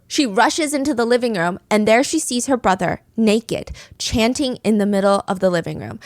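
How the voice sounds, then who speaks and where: A woman's voice: on the high side, lively intonation, normal speed, few pauses, dry recording. Woman host spinning a true crime tale, chatty and dramatic, dry close sound. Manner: chatty, dramatic retelling with asides. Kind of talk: casual storytelling.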